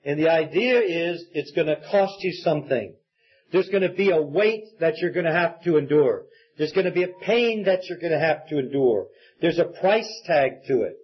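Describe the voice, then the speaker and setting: Male pastor, high husky voice, earnest sermon delivery, dull lo-fi recording. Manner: earnest preaching, acts out quoted pleas.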